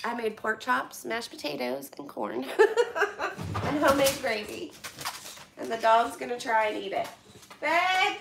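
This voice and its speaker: A young woman with a Western Pennsylvania accent, chatting on a home livestream as she opens gifts from viewers, effusive and quick to laugh. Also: fairly high pitch, steady tone. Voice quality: effusive, gushing, laughs often. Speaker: vlogger opening viewer donations on a livestream. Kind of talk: casual livestream chat. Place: indoors at home, kitchen area. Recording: echoey room, clear background noise.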